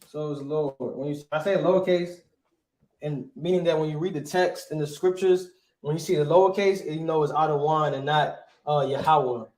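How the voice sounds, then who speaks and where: A man's voice: fairly high pitch, fairly even intonation, normal speed, a little mellow, roomy sound. A man teaching a lesson, asking rhetorical questions and punctuating points with emphatic asides. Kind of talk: classroom lesson.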